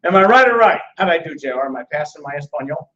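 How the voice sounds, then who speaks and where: A man in his sixties giving a joking, animated financial sales seminar, firing questions at a small audience. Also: on the high side, quick pace, slight background noise. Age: 60s. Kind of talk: lively sales seminar talk. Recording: echoey dull room sound from far off.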